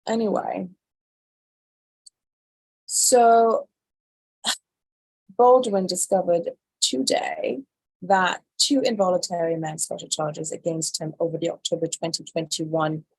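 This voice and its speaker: A woman's voice: on the low side, fairly even intonation, slow pace, gravelly, pauses often, a little mellow, no echo, rough recording. A woman hosting a live show, chatting about the news and reading headlines aloud with an incredulous, chatty manner. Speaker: host. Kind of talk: casual news commentary livestream.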